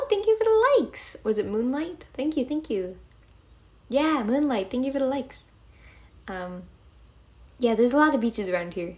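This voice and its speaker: A woman's voice: medium pitch, darkish tone. A young woman live-streaming, chatting casually and giggling as she thanks her viewers.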